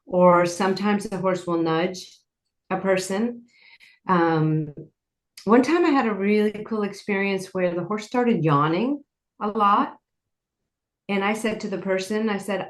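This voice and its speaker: A woman's voice: medium pitch, a little slow. A woman guest telling personal stories in an earnest, rambling way, often saying "like.". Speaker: guest, horse program founder. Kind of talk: personal storytelling in interview. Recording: roomy echo.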